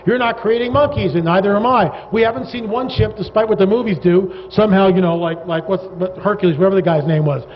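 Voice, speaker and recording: Animated man, high voice, lecturing a crowd in a big reverberant hall, sarcastic and rambling. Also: fast, hardly any pauses. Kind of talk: lecture to a live audience. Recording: dull reverberant hall recording with faint noise.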